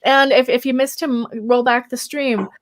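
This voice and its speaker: A woman's voice: high-pitched, fairly even intonation, a little slow, no room sound, studio quality. A woman hosting her birthday livestream, reading out super chats in a rambling, giggly, easily sidetracked way while stoned. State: tipsy and stoned.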